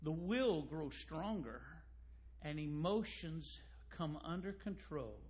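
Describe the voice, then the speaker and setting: Man, pastor, sermon, high voice, emphatic delivery. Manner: emphatic preaching, rising loud on key points.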